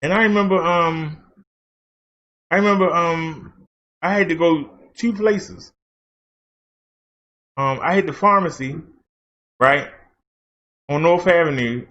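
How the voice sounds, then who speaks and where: A man's voice: fairly high pitch, fairly bright tone. Folksy rambling man, dull lo-fi sound. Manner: rambling, folksy storytelling with fillers. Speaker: channel host. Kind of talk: casual chat.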